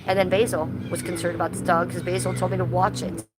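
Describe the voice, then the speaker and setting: A woman's voice: lowish voice, little pitch movement, fast talker, noisy background. Blunt, ranting woman live streamer. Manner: blunt, profane, ranting, answers chat. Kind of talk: casual live-stream commentary.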